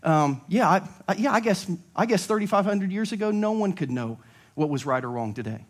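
Animated male pastor preaching. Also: sits high, brisk. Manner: animated, acts out dialogues. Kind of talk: sermon.

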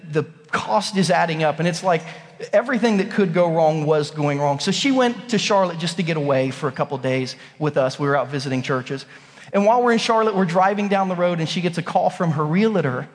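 Pastor, man, 30s, high voice, animated storyteller, church sermon with long hall echo. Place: church sanctuary.

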